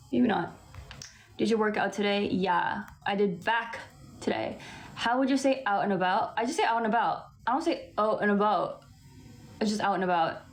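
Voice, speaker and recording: A young woman from Vancouver with a West Coast Canadian accent, chatting casually on a livestream and answering viewer comments, laughing often and saying "like" a lot. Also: mid-range voice. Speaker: livestream host.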